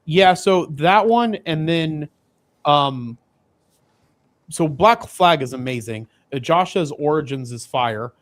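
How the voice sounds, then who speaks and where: A man's voice: fairly high pitch, animated, takes it slowly. A man co-hosting a casual livestreamed podcast, rambling with frequent restarts and asides. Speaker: podcast co-host.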